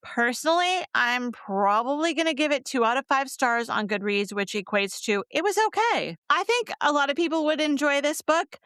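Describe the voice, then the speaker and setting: A candid woman co-hosting a book podcast, with a fairly high voice and a chatty, easygoing way of talking. Her voice sounds dry and close, with no room around it. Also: animated, moderate pace, hardly any pauses, fairly bright tone, dry recording. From North Carolina. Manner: candid, chatty, laughs easily. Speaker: podcast co-host reviewing romance novels. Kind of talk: casual chat.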